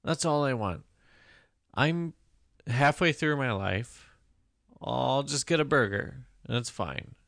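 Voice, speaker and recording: A man's voice: mid-range voice, expressive, slow, vocal fry, pauses often, a bit bright, no room sound, clean studio sound. A man in his forties hosting a podcast, joking and rambling in casual chat. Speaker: podcast host.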